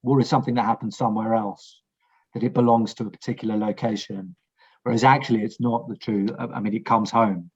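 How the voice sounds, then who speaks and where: Husky low-voiced man, frank podcast guest, dull lo-fi recording. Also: steady tone, a little fast. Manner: frank, blunt, swears, restarts sentences. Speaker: war veteran guest. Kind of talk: casual podcast conversation.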